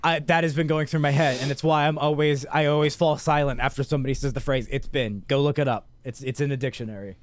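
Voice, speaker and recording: A man's voice: medium pitch, fairly even intonation, quick pace, few pauses, dry recording. A man in his late thirties, co-hosting a podcast, telling a story in casual chat with lots of swearing and laughing through his words. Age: late 30s. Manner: profane, self-mocking storyteller who laughs while talking. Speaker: podcast co-host.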